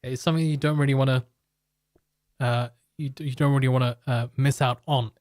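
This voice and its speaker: Running a live market stream, this man rambles through commentary and a product pitch, bantering with viewers in chat. His medium-pitched voice is steady, a little fast and darkish, recorded as clean studio sound with no room sound.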